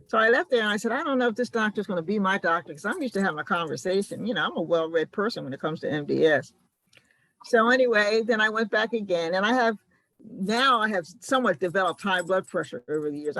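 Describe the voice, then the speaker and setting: An older woman on a patient panel, telling a story in a lively way and acting out both sides of a conversation. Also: mid-range voice, dry recording, poor audio.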